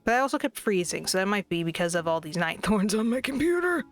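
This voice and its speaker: Soft background music plays as a woman talks fast through a let's play, her mid-range voice swinging widely in pitch. Chatty and self-deprecating, she complains about lag in casual commentary recorded on a desk microphone at her computer.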